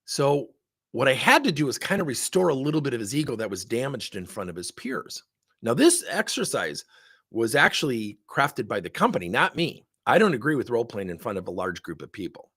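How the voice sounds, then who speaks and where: A middle-aged sales trainer with a husky voice, talking in a lively, sing-song way that swings high and low. he tells workshop stories bluntly and with emphasis, and he pushes his listeners hard. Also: brisk, no echo, studio quality. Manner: animated, blunt, emphatic storyteller. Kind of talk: storytelling workshop webinar.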